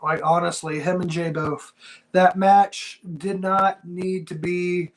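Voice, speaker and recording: A man with a high voice speaks in casual podcast chat as a wrestling show co-host. He talks earnestly and from the heart, full of slang. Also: level tone, takes it slowly, rough recording.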